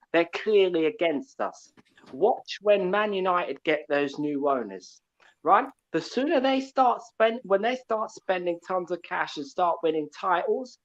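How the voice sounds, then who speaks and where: A man's voice: on the high side, highs cut off. A man in his twenties from Portugal, calling in to a live show with a combative rant and a habit of asking "yeah?" after his points. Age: 20s. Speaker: caller. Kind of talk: fired-up call-in rant.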